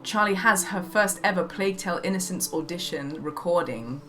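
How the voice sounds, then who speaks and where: A woman's voice: fairly low pitch, lively intonation, brisk, bright, forceful tone. A woman hosting a casual chat, eager and leading the conversation with questions. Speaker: host.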